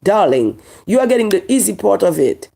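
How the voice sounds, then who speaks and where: A woman from Haiti with a Haitian accent speaks to camera in a heated, emphatic monologue. Her voice is gravelly with a lot of fry, and her tone is dark and mellow. She keeps repeating her points and asking rhetorical questions. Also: mid-range voice, very animated, fairly quick. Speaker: online commentator.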